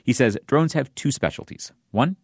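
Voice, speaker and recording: A man's voice: mid-range voice, expressive, normal speed, creaky, slightly rough, no room sound, clean studio sound. A male reporter narrating a scripted radio news story.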